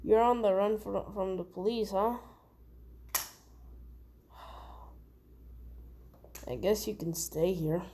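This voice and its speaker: A woman's voice: medium pitch, normal speed, dark tone, slight background noise, close to an everyday voice. Bakugo, a woman doing a hot-tempered teen boy. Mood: pleading.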